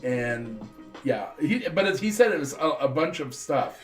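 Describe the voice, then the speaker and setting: A man's voice: fairly high pitch, very animated, moderate pace, faint music behind. Dry-teasing man in casual chat. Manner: dry teasing, reads chat messages aloud. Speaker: livestream co-host.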